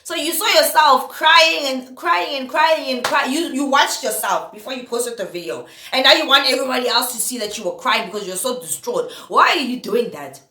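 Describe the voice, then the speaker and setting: A woman's voice: high voice, lively intonation, moderate pace, few pauses, bright, forceful tone, echoey room. A woman vlogging an opinion rant to camera, exasperated and firing off repeated rhetorical questions. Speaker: vlogger host.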